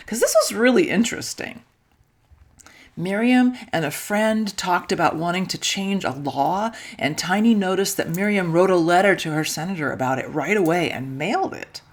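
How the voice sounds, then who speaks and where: Slow, gentle woman storyteller. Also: mid-range voice. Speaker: intern minister. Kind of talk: children's story retold in a church service.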